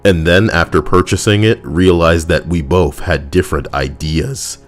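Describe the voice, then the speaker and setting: A man's voice: low-pitched, steady tone, moderate pace, faint music behind. A man with a stuffed-up nose, joking through casual comedic chat as co-host reading posts. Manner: jokey, stuffed-up nose, bursts into goofy put-on voices.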